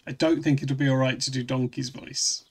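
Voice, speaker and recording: A man with a gravelly voice, casually chatting while streaming a game and answering chat, rambling with frequent restarts. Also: mid-range voice, fairly even intonation, normal speed. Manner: rambling, restarts often, reads chat aloud.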